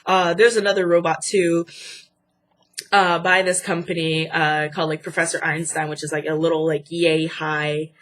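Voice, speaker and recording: A woman's voice: deep voice, level tone, moderate pace, fairly bright tone, a little hiss or hum. Chatty stuffy-nosed woman vlogger. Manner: chatty and indignant, lots of fillers. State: stuffy from a cold. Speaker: channel host. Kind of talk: casual vlog commentary.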